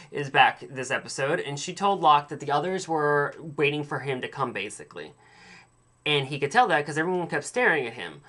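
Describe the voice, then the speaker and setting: A man's voice: mid-range voice, sharp tone. Chatty opinionated man recapping a TV episode. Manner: chatty, opinionated, rambling with many fillers and restarts. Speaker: podcast host reviewing a TV episode. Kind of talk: casual solo commentary.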